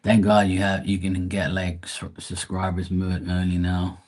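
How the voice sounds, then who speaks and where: A man's voice: low voice, monotone, measured pace, a little mellow. A man hosting a tarot livestream, rambling in casual, profane chat with his viewers. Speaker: tarot reader livestream host.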